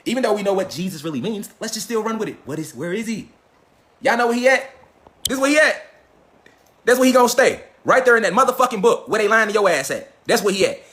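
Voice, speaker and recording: A man delivering a profane, animated monologue, mocking and heated, full of rhetorical questions. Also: high-pitched. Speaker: host of a lecture channel.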